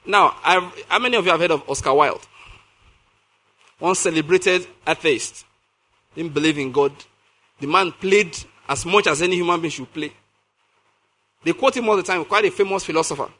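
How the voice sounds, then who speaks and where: A male preacher with a high, bright, ringing voice. He reads scripture slowly and repeats key words for emphasis. He keeps checking in with his listeners. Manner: emphatic, repeats key phrases, asks the audience questions. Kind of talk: sermon reading and explaining scripture.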